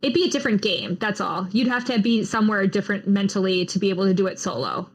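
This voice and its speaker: A woman's voice: medium pitch, animated, quick pace. A woman hosting a podcast about running, chatty and upbeat, laughing easily and giving practical tips to listeners. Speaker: podcast host. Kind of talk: casual podcast conversation.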